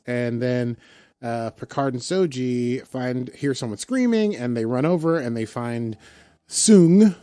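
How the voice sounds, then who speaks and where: A man casually retelling a TV episode on a podcast, rambling and slipping into quick impressions of the characters. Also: mid-range voice, dark tone, clean tone, no room sound, clean studio sound. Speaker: podcast co-host recapping an episode. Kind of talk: casual chat.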